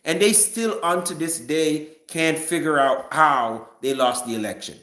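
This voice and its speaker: A man's voice: on the high side, unhurried, a bit bright, echoey room. A man giving a casual, rambling opinion rant to a live chat, stumbling and restarting often. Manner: rambling, frequent restarts and stammers. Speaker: live-stream commentator.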